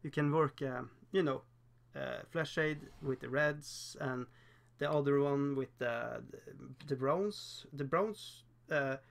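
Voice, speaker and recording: A Norwegian man hosts a casual miniature-painting livestream, speaking accented English as his second language in a mid-range voice with vocal fry. He's talkative and self-deprecating, with frequent laughter and pauses filled by fillers.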